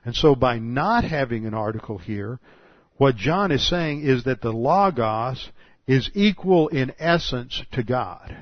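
Deliberate man teaching scripture, dry sound. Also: medium pitch, lively intonation, no echo. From United States. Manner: deliberate, explanatory, with restarts. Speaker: Bible teacher. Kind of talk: expository Bible teaching. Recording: dull, dry recording.

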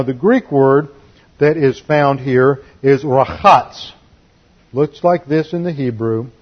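Man, slightly high husky voice, emphatic Bible teacher, dull lo-fi sound. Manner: emphatic, explains Greek and Hebrew words. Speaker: preacher.

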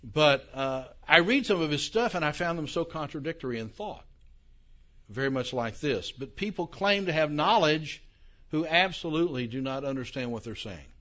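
An older man lecturing on theology in a relaxed, conversational way, tossing questions to the room. His voice sits a little high for a man. The recording is dull and lo-fi. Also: normal speed. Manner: conversational, asks the audience questions, self-deprecating asides. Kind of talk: lecture to a live audience.

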